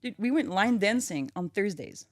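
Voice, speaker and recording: A woman's voice: medium pitch, animated, moderate pace, dry recording, studio quality. A woman from France in her thirties with a French accent, chatting casually as a podcast guest and filling her talk with "like.". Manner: chatty, many fillers like "like". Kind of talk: casual chat.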